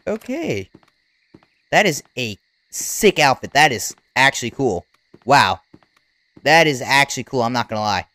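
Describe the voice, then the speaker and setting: A gaming YouTuber giving unedited play-by-play commentary, talking in casual slang and reacting loudly to what happens on screen. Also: mid-range voice, unhurried, long pauses, no room sound. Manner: excitable, reacts loudly to game events; casual slang-filled chatter. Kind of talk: unedited live gameplay commentary.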